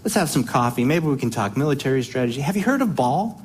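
A man playing a smooth, coaxing enemy king. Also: mid-range voice, big pitch swings, fast, a little hiss or hum, lightly acted. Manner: coaxing, chummy, persuasive. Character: smooth-talking scheming enemy king, male adult.

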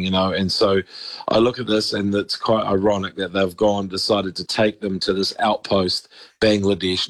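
Male NZ radio sports pundit, low-pitched, chatty and opinionated, dry close sound. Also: dry recording. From New Zealand. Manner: chatty, opinionated, with frequent restarts. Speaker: regular sports commentator. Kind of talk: casual radio sports chat.

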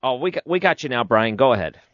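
A man's voice: mid-range voice, lively intonation, fast, dry recording, lo-fi sound. A man hosting a late-night call-in radio show, thinking aloud and steering callers along. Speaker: radio talk show host.

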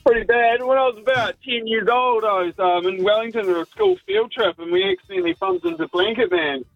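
A man's voice: very high voice, sing-song, fairly quick, gravelly, no echo, highs cut off, faint music behind. A man, calling into a radio show and telling a story in a rambling, crude, slangy way. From New Zealand. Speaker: caller. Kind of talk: casual anecdote on talk radio.

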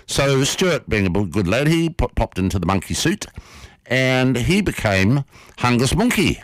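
A man hosting a radio show, telling a story in an animated, playful way before an interview. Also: mid-range voice, a little slow, dry recording. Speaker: radio host.

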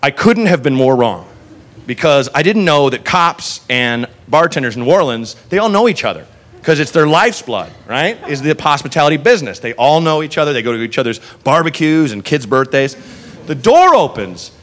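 On a comedy club stage, a young man with a somewhat high voice tells a profane stand-up story at a moderate pace. He's animated and acts out the characters in different voices. The live crowd in the room can be heard laughing.

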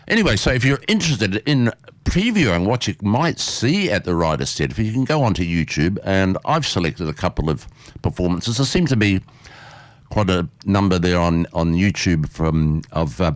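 Australian male radio host, deep-ish and animated, dry studio sound, casual interview. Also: moderate pace, no echo. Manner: chatty, enthusiastic, lively.

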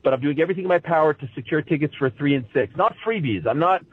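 A man in his forties from Montreal talks sport in a husky, slightly breathy voice, emotional and full of stammered restarts. The sound is dull and lo-fi, as over a remote line. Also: fairly high pitch, animated. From Montreal, Canada. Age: 40s. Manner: emotional, self-described pessimistic, halting restarts. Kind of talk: casual sports chat.

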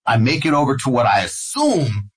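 A man's voice: mid-range voice, sing-song, normal speed, husky, low-quality recording. A middle-aged man, a radio host, telling a personal story in conversation and acting out the voices of the people in it. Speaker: radio host, interview guest.

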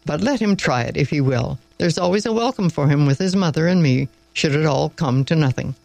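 A man's voice: a little high, animated, fairly quick, a little mellow, no room sound. A man doing a blunt farmer father. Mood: earnest. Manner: gruff, homely, plain-spoken. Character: blunt old Northern farmer, plain-spoken father.

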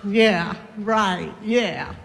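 A pastor reading scripture, then gently coaxing children with many tag questions during a children's sermon in a church. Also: medium pitch, extremely slow, creaky. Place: church sanctuary. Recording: long church reverb.

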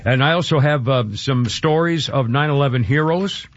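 A man's voice: mid-range voice, moderate pace, dull audio. A man hosting a talk radio show, emotional and rambling, often choked up and restarting his sentences.

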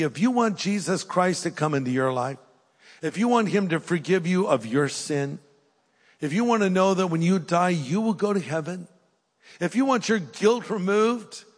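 An older man preaching a sermon in a large church, earnest and urging, shifting between raised appeals and quiet, hushed prayer. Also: on the high side, animated, moderate pace. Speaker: pastor. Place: large church auditorium with live audience. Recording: long hall reverb.

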